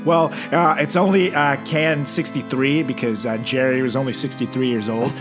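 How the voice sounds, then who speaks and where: A man's voice: medium pitch, fairly even intonation, moderate pace, over music. A man co-hosting a podcast, chatting casually and spinning crude, absurd jokes. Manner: jokey, crude, spins absurd tall tales. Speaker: podcast co-host. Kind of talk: casual comedic chat. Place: home, over a podcast setup.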